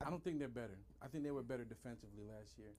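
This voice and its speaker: A man's voice: medium pitch, very fast. A man co-hosting a live sports podcast, casually prompting viewers and his co-hosts. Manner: relaxed, prompts chat and co-hosts. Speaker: podcast co-host.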